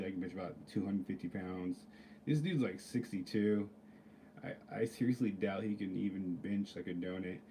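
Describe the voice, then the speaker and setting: Rambling, profane man with a low, dark voice. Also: a little hiss or hum. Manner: rambling, profane, lots of "like" fillers. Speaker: vlogger. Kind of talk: casual storytelling rant.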